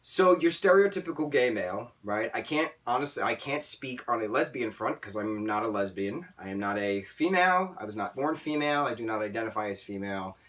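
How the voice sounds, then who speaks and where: A man talking casually in an opinion vlog, emphatic and animated, often checking in with "right?". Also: on the low side, a little fast, hardly any pauses. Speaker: vlogger. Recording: voice a bit distant from the mic.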